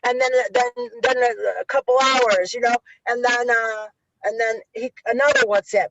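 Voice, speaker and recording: A woman's voice: fairly high pitch, steady tone, moderate pace, fairly bright tone, no echo, muffled recording. A woman guest author telling stories energetically in an interview, words tumbling out and running over the host. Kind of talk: animated interview storytelling.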